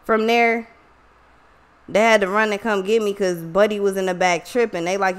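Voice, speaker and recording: A woman's voice: medium pitch, moderate pace. A woman telling a personal story to her viewers in a casual, emotional, profanity-heavy way. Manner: profane, emotional, slangy, talks to viewers directly. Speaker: online reader and vlogger.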